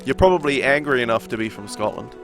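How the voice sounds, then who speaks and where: Young Kiwi streamer, New Zealand accent, mid-pitched and easygoing, chatting over loud game music. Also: male voice, fast talker, vocal fry. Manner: relaxed, rambling, laughs often. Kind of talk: casual chat while playing, reading out chat.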